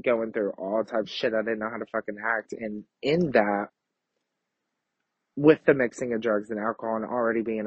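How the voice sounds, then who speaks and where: A man's voice: medium pitch, husky, no room sound. A young man hosting a podcast, talking in a brash, profane, campy confessional monologue. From Kentucky. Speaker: podcast host. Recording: dull lo-fi home recording.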